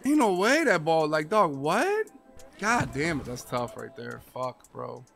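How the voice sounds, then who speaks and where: A man's voice: a little high, huge pitch swings, unhurried, vocal fry, fairly bright tone, faint music behind. A young man streaming a football video game, swearing and venting his frustration at the game as he plays. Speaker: gaming streamer. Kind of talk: live gameplay commentary.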